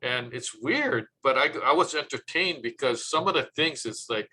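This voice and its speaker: A man's voice: mid-range voice, a little slow, hardly any pauses, low-quality recording. Chatty man giving speaking tips. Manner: relaxed, chatty, acts out quotes. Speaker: presenter. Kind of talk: public speaking talk.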